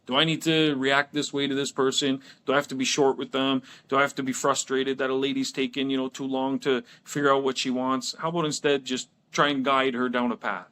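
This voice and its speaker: A man's voice: mid-range voice, flat delivery, fairly quick, hardly any pauses, pushed and bright. Chatty man telling a long joke. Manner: storytelling with lots of restarts and laughs. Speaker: podcast co-host. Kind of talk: casual chat.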